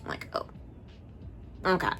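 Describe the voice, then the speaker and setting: A young adult woman chatting casually as a video reviewer, animated and sassy in her asides. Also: unhurried, soft background music.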